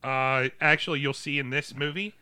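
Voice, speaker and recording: Bright-voiced man sharing movie trivia. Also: mid-range voice, fairly even intonation, normal speed, smooth, dry recording. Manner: shares trivia, hesitant with many ums. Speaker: podcast co-host. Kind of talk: casual movie review chat.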